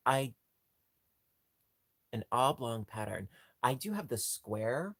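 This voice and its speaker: A man hosting a casual livestream chat, gushing and jumping into a squeaky high pitch over cute things, rambling with frequent restarts. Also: lively intonation, slow pace, pauses often, a bit bright, dry recording. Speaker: livestream host.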